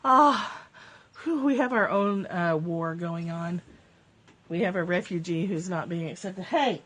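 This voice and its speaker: A woman's voice: lowish voice, unhurried, a bit bright, breathy edge. A woman hosting a casual livestream from home, reading spiritual passages and chatting, laughing often as her cats interrupt. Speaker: live-stream host. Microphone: phone or webcam livestream.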